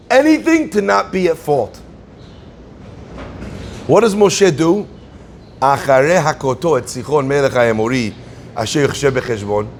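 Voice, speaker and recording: A man's voice: high voice, gravelly, a little mellow, a little hiss or hum. A man, a rabbi, giving a Torah class in a conversational, storytelling way that acts out the people in his anecdotes.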